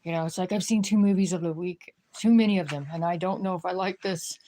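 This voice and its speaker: A woman ranting casually to the camera in a somewhat low voice. She rambles and swears, circling back on herself with filler phrases. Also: quick pace, dark tone. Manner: rambling, profane griping, lots of fillers.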